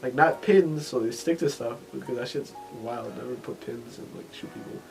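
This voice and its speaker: A man's voice: mid-range voice, normal speed, creaky, darkish tone, soft background music, low-quality recording. A man hosting a podcast in casual chat, rambling, swearing freely, and leaning on fillers. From family ties to Texas. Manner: rambling, profane, many fillers. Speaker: podcast host.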